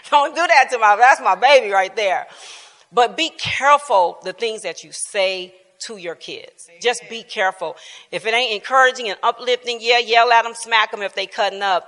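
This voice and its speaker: A woman in her fifties teaches a church Bible class with a bright, sharp-edged voice. She tells personal family stories earnestly and informally, laughing often. Her voice carries a long reverb from the church hall. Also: a little high, normal speed. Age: 50s.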